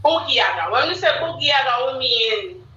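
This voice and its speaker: A woman's voice: high-pitched, lively intonation, brisk, pushed and bright. A Jamaican woman hosting a live stream, chatting casually and repeating herself as she calls out to her viewers. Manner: repetitive, loose, chatty, calls to the chat. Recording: roomy, distant, dull-sounding mic.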